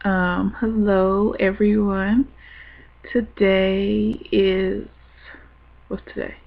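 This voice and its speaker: A young woman vlogger tells a personal story to camera in a rambling, chatty way, laughing easily. Her medium-pitched, creaky voice stays fairly level and she draws out her words. The webcam audio is dull and lo-fi.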